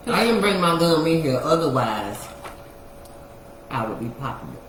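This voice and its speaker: A woman co-hosting a casual live chat, talking in dry, mumbled deadpan asides. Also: deep voice, moderate pace. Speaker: co-host of a live chat show. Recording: distant echoey mic with noise.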